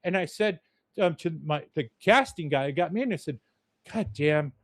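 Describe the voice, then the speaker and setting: Male podcast host, cursing, blunt rambling rant, slightly high voice, dry close sound. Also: expressive, a little fast, a bit bright, dry recording. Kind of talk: casual rant.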